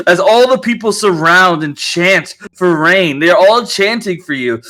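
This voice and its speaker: A man narrating as game master of a tabletop game, telling the story with lively energy. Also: high voice, measured pace, hardly any pauses.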